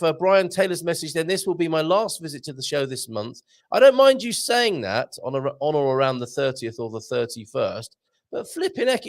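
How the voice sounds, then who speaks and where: A man's voice: medium pitch, creaky, no echo. A man hosting a live show, chatting casually and jokily as he reads out viewer comments. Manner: jokey, chatty, animated, laughs often.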